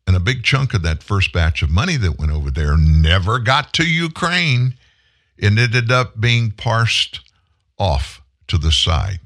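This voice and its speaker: An indignant man hosts a political commentary show, his pitch swinging widely as he argues. He keeps asking rhetorical questions. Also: very animated, a little slow, a bit bright. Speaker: host.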